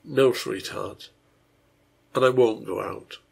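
A man reading the part of a grieving, guilt-ridden father, speaking softly and pleadingly in a gravelly, husky voice. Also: lowish voice, slow, heavily acted. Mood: gentle.

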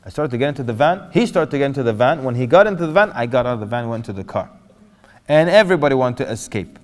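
A man preaching an animated lecture to an audience, asking them questions and acting out quotes. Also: medium pitch, fast. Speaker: Islamic preacher. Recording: hall reverb.

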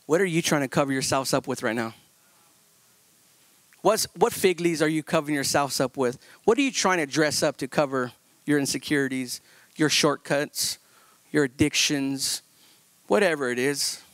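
A male pastor preaching a sermon, firing rhetorical questions at the congregation and swinging between loud, high emphasis and slow, hushed passages. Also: no echo.

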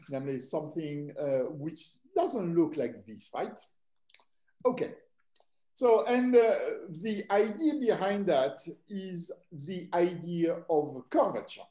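An older man from southern France with a French accent, a mathematics professor lecturing to students in a relaxed, hesitant way full of fillers. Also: fairly high pitch. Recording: echoey room.

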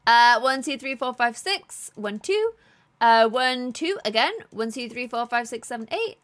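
Woman, high voice, very lively pitch swings, bubbly game streamer, faint music behind. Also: measured pace. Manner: bubbly, dramatic exclamations, thanks viewers. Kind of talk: live gameplay stream chat.

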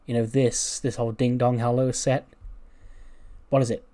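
A man's voice: mid-range voice, little pitch movement, normal speed, warm tone, lightly acted. A man voicing a veteran female wrestler lecturing a younger champion, rambling and hesitant, full of "you know". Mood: earnest.

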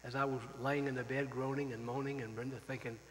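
A man's voice: medium pitch, flat delivery, quick pace, fairly bright tone, in a large hall, slight background noise, poor audio. A man who is a missionary pastor preaching a farewell sermon, earnest and openly emotional, repeating phrases for emphasis. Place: church sanctuary.

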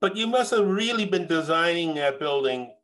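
A man's voice: on the high side, animated, moderate pace, fairly bright tone. A man hosting an interview, giving brief encouraging prompts and laughing along with his guest. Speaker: interviewer, host. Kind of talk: casual conversational interview.

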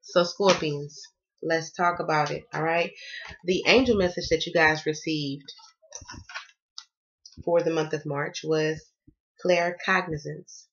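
A woman's voice: deep voice, fairly even intonation, slow, long pauses, a bit bright, muffled recording. A woman from the American South doing a casual tarot reading, sassy and playful and cussing freely. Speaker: tarot reader.

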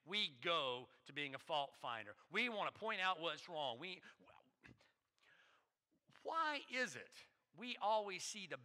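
A man's voice: high-pitched, sharp tone. A male pastor preaching a sermon, telling stories in a conversational way, repeating phrases and asking rhetorical questions. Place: church sanctuary. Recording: long church hall reverb.

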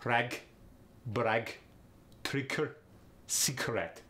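A man putting on a heavy Russian accent, repeating words and phrases slowly and deliberately. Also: mid-range voice, animated, natural voice. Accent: put-on Russian accent. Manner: slow, deliberate, clipped repetition of words.

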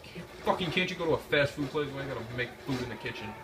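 Young guy yelling and cursing over his shooter game, voice jumps all over, sounds kinda far off with game noise behind. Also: racing. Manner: loud, profane, excitable, yelps in falsetto when in danger. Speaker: gaming commentator. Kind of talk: live gameplay commentary.

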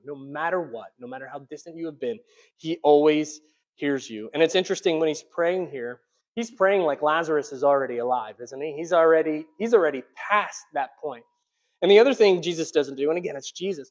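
Man preaching a sermon, conversational. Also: fairly high pitch. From United States. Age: adult, childhood long past. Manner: conversational preaching, swings between soft asides and loud emphatic peaks. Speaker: pastor.

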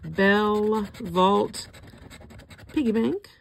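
An older woman with a hoarse throat, casually calling out scratch-off ticket symbols one by one with chatty asides. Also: mid-range voice, drawn-out words, a little hiss or hum. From Florida. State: hoarse, throat not cooperating. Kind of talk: casual running commentary.

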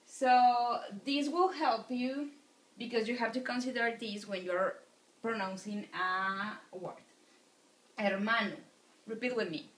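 A woman gives a video lecture in a slightly high voice. She speaks very slowly and patiently, saying words clearly for her students to repeat. The room around her is echoey. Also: fairly even intonation. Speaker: Spanish teacher.

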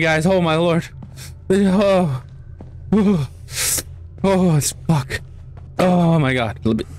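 A man's voice: on the high side, a little hiss or hum. A man commentating a horror game as he plays, swearing often and shrieking when he gets startled. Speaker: let's play gamer.

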